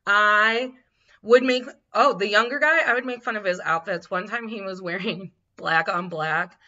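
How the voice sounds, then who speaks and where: A woman co-hosting a podcast tells stories in a lively, casual way, often breaking into laughter and acting out what people said. Her voice is bright and forward, captured on a slightly dull, lo-fi recording. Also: mid-range voice, normal speed. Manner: animated, laughs often, acts out quotes. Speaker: podcast co-host. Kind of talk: casual storytelling chat.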